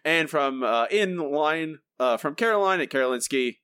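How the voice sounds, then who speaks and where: A man's voice: animated, moderate pace, pushed and bright, smooth, no echo. A man co-hosting a podcast, his voice swooping up and down as he reads out listener answers. He trips over names and starts sentences over, and the room around him sounds dry and close. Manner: reads listener answers aloud, jumps into higher voices for the quotes. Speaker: podcast co-host. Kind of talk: casual chat.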